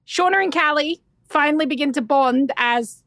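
A woman with a notably high voice recaps a TV drama for a podcast, chatting casually and slipping into quick acted-out quotes from the characters. The sound is dry and close, with no room behind it. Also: dry recording. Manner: animated, acts out quotes, swears freely. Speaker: podcast co-host.

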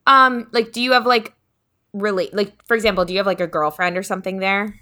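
A woman's voice: mid-range voice, fairly even intonation, quick pace, pushed and bright. A woman hosting a casual podcast, chatty and giggly, with lots of filler words. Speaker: podcast host.

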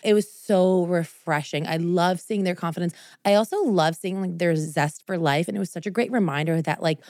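A woman's voice: lowish voice, normal speed, darkish tone, dry recording, studio quality. A woman in her thirties co-hosting a podcast, chatting casually and animatedly with frequent laughs. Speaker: podcast co-host. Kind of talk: casual chat.

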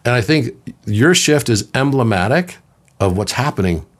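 A man in his fifties, a podcast guest, talking in a conversational, storytelling way, sometimes doing voices for quoted people. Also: normal speed. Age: 50s. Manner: animated storyteller, puts on high voices for quoted children.

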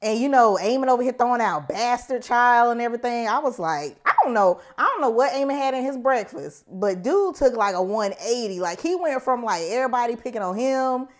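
A woman chatting casually about a TV episode, giving relaxed, slangy and opinionated reactions. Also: a little high, a little fast, few pauses. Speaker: podcast co-host.

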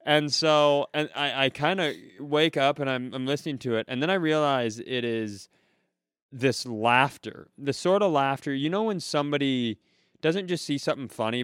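A man on a comedy podcast telling a long story casually, animated and profane, laughing at his own punchlines. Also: mid-range voice, moderate pace, dry recording, clean studio sound. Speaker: podcast co-host.

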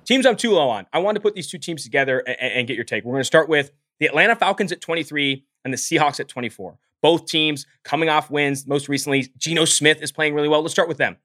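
Fast, bright-voiced man talking sports. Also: a little high. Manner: emphatic and animated, with swearing. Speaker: podcast co-host. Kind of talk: casual sports podcast talk.

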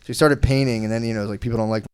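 A man's voice: mid-range voice, fairly even intonation, racing, a little mellow, clean tone. A man chatting as a podcast guest, telling rambling stories, swearing a lot and laughing often. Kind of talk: casual chat.

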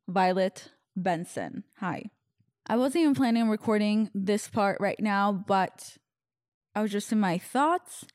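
A young woman talks through her podcast in a loose, candid ramble, often poking fun at herself. Her pitch sits in an ordinary middle range. The sound is close and dry, with no room echo. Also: darkish tone. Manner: rambling, candid, self-deprecating. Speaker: podcast host. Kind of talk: casual confessional podcast chat.

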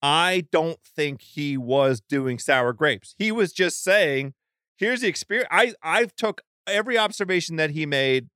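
A man's voice: on the high side, lively intonation, measured pace, bright, forceful tone, clean tone, dry recording, studio quality. A man co-hosting a podcast, chatting casually about golf in a laid-back way with lots of fillers. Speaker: podcast co-host.

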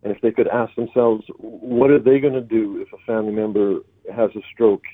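Man, guest on a phone line, low voice, halting, stammering, tinny. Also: little pitch movement, no room sound. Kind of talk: phone interview.

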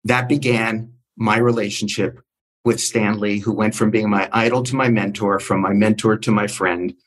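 An older man from New Jersey with a husky voice, telling animated stories as a guest and acting out the people in them. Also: moderate pace, poor audio. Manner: acts out quoted voices with big pitch jumps. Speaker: guest storyteller. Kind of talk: animated anecdotal storytelling.

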